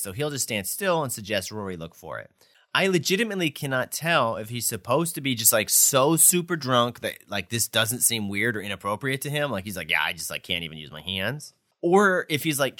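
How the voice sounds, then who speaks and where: A man co-hosting a podcast, chatting casually as he recaps a TV episode and laughs along. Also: medium pitch. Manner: animated storyteller who laughs often. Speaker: podcast co-host.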